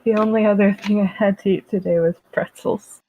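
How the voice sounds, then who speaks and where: A woman's voice: medium pitch, fairly even intonation, a little fast, a little hiss or hum. Woman on a tinny call line. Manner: laid-back, laughs often. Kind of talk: casual late-night chat.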